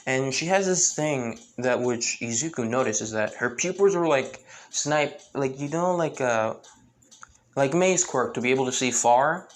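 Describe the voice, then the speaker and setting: A man's voice: medium pitch, animated, a little slow. A man casually narrating a fan-made story, rambling with frequent restarts and fillers.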